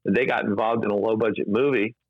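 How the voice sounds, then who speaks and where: A man's voice: fairly low pitch, fairly even intonation, fast talker, no room sound. A man, an interview guest, telling rambling anecdotes casually with many fillers and restarts, in a dull, dry lo-fi recording.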